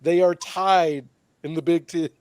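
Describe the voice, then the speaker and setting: A man's voice: on the high side, fairly even intonation, measured pace, darkish tone, no room sound. Teasing man in dry-sounding sports banter. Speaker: panelist. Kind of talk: casual sports chat.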